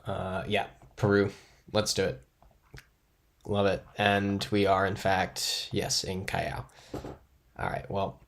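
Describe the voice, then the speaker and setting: A man's voice: low-pitched, flat delivery, slow pace, gravelly, long pauses, fairly bright tone, slight background noise. A man streaming a geography guessing game live, thinking aloud, chatting with viewers and poking fun at himself. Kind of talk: casual live-stream commentary, reading chat.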